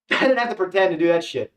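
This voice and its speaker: A man telling a personal story in a casual, halting way, repeating words and acting out what others said. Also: high-pitched. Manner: halting, repeats words, lively quoting voices. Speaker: former contestant telling his story.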